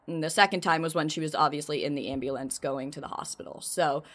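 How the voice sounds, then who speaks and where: A woman co-hosting a podcast speaks in a lowish voice with a bright, forward tone. She chats casually and eagerly, leaning on fillers as she sets up a clip. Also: fast. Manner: enthusiastic, chatty, many fillers. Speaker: podcast co-host.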